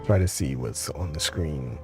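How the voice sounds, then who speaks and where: A man reading a video game's text aloud, slowly and with some stumbles. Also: extremely low pitch, animated, music in the background. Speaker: game reader.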